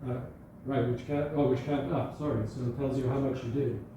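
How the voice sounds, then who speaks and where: A man talks briskly in a mellow, medium-pitched voice with fairly even intonation. He is the guest speaker at a school gathering, giving the hall audience an informal, story-filled talk and correcting himself mid-sentence fairly often. The room echoes, the mic is distant, and faint noise sits underneath.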